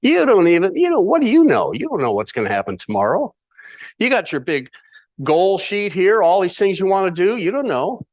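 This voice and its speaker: A man's voice: high-pitched, sing-song, a little fast, dull audio, voice pushed up. A man putting on a blunt scolding scripture voice. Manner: jabbing, incredulous, repetitive. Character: blunt scolding male Bible speaker.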